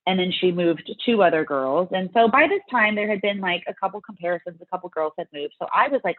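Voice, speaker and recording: Animated woman on a tinny line. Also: on the low side, fast, hardly any pauses, no echo. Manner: animated, many restarts and fillers. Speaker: guest, bodybuilding competitor. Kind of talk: casual interview storytelling.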